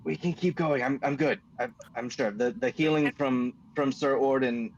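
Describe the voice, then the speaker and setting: A man's voice: mid-range voice, moderate pace, lightly acted. A man voicing a battered young lizardfolk warrior who is loyal and polite, stammering earnestly. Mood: pained, earnest. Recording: dull audio with faint noise.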